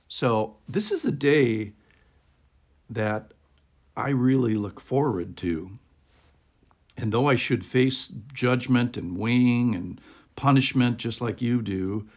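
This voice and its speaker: A man hosting a devotional podcast, speaking in an earnest, conversational, reflective way. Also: medium pitch. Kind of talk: informal devotional talk. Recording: dull lo-fi recording.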